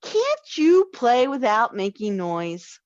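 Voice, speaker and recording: A woman's voice: on the high side, wildly swooping pitch, takes it slowly, no echo, highs cut off, heavily acted. A woman voicing a complaining older sister in a children's story read aloud. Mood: annoyed. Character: annoyed older sister, girl.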